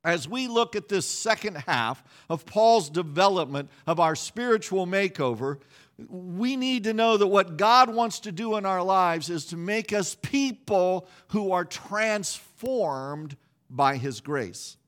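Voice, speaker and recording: A middle-aged man preaching a sermon with a voice pitched on the high side. He tells his story with lively pacing and self-mocking humor. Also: slow pace. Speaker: pastor.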